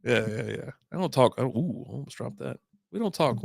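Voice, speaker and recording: A middle-aged man hosts a casual beer livestream from home. He rambles and swears freely at an ordinary pitch. His voice sits close and dry on the mic. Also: animated, moderate pace, creaky, dry recording. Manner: rambling, profane, chatty. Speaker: beer podcast host.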